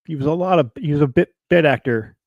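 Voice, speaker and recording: A man's voice: a little high, quick pace, a little mellow, no echo, dull audio. A man co-hosting a casual podcast chat, swearing freely and reeling off film facts. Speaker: podcast co-host.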